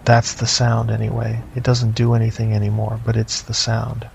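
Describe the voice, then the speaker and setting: A man voicing a tired male government agent who talks flat, with no rise or fall. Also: medium pitch, normal speed, vocal fry. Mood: flat, weary. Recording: slightly dull lo-fi, faint noise.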